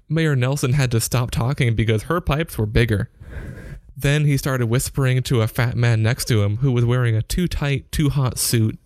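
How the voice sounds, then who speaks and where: A man reading a short story aloud in a measured storytelling voice. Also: medium pitch, a little mellow, no echo. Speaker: narrator.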